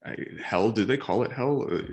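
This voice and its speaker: A man co-hosting a podcast, musing about a book in a hesitant, casual way with many pauses and fillers. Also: medium pitch, darkish tone. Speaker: podcast co-host.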